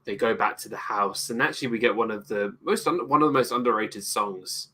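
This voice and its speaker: A man's voice: fairly low pitch, a little fast, sharp tone, slight background noise. A British man co-hosting a casual movie review, speaking thoughtfully and rambling with many restarts. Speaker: co-host, film reviewer.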